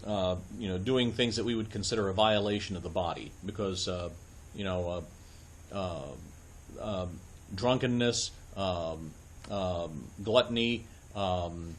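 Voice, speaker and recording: This man's low-pitched voice moves at a measured pace, with a slight hiss or hum in the background. He's lecturing an adult education class in a church classroom, walking through ideas one step at a time, peppering them with ums and uhs, and asking if everyone is following.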